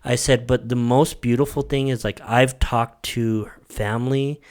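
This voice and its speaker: Man, podcast co-host, casual chat, lively storytelling, mid-pitched voice. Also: unhurried. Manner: animated storyteller, acts out quoted voices.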